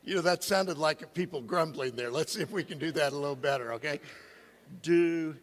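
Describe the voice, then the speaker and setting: Middle-aged male pastor, playful and interactive, slightly high voice, echoing sanctuary. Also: fast, fairly bright tone. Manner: playful, asks the congregation questions. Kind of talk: sermon. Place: church sanctuary. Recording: long reverb of a church hall.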